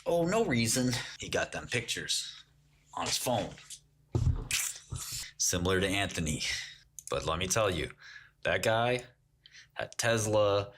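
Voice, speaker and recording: Low-pitched and a bit bright, this forties-aged livestream host talks slowly with long pauses over a little hiss or hum. Keyboard clicks sound in the background as he kids around with his chat and laughs frequently.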